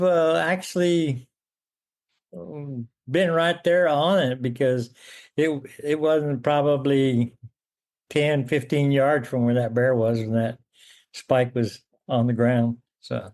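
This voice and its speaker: A man telling a hunting story casually, halting and restarting as he goes. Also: medium pitch, fairly even intonation, a little mellow. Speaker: guest elk hunter.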